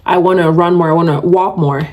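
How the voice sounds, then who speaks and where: A woman's voice: on the low side, fairly even intonation, brisk, lo-fi sound. A woman hosting her own podcast, talking casually and chattily to listeners, with frequent laughs and a self-described love of yapping. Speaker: podcast host. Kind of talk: casual solo podcast talk.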